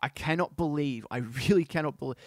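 A man hosting a podcast, speaking in an impassioned, halting way with many restarts. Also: a little high, no room sound, clean studio sound. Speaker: podcast host. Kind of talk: casual monologue.

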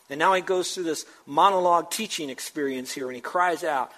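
A man preaching a sermon as pastor, animated, acting out the voices of Bible figures as he teaches. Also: a little high, a little fast, few pauses, poor audio.

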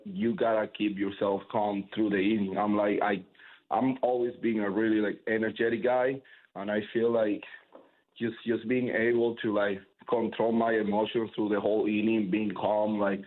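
A man, a professional baseball pitcher, answering interview questions casually, rambling with lots of fillers and restarts. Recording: tinny phone-like sound.

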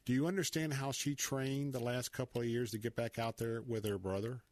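A man's voice: mid-range voice, fairly even intonation, fairly quick, no echo, clean studio sound. A man with a Southern accent hosting a Christian talk radio show, speaking in a folksy, preachy, conversational way.

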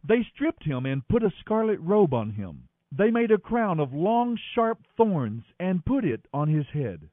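Male bible reader, expressive, high lively voice, thin phone-like sound, dry. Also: unhurried, few pauses, no room sound. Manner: expressive, dramatic reading. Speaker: scripture reader. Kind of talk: daily Bible reading.

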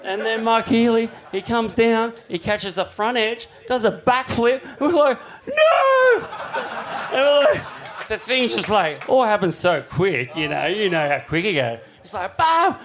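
A man's voice: normal speed, hardly any pauses. A man telling a big-wave surf story in casual, swearing talk. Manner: animated, swearing, shouting out high during the story.

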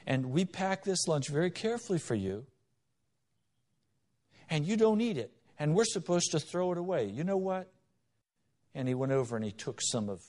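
A middle-aged male pastor delivering a sermon in a slightly higher-than-average voice. He alternates between stern, direct warnings and relaxed storytelling, keeping an earnest tone throughout.

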